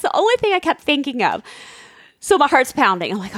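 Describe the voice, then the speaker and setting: Her voice is high-pitched with a breathy edge, and she talks a little fast on a dry, studio-quality recording. In casual chat with her husband, this woman tells an animated story, acting out voices and dropping "like" often.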